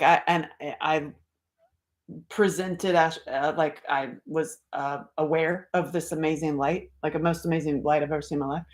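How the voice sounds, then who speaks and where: A woman comedian telling a personal story in an animated way, jumping between loud exclamations and hushed asides, cursing and laughing often. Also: low-pitched.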